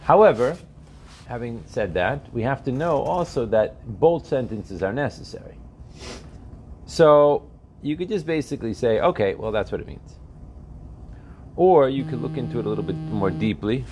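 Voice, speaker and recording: A man's voice: mid-range voice, animated, normal speed, pauses often, a little mellow, slight background noise. A man teaching a religious text class, often asking his students questions and checking that they follow.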